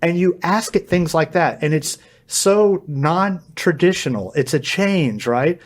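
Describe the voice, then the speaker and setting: A man as a podcast guest giving energetic, plain explanations and acting out bits of dialogue. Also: on the high side, a little slow. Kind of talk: podcast interview.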